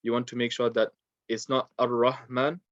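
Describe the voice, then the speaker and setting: A man's voice: medium pitch, level tone, brisk, no room sound, muffled recording. A man teaching a beginners' Quran recitation lesson, explaining step by step with a patient, filler-laden manner. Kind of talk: online lesson.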